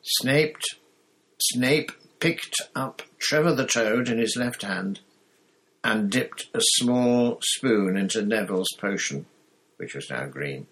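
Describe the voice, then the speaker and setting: Brief: low male audiobook narrator, measured. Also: lively intonation, a bit bright, slightly rough. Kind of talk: audiobook reading.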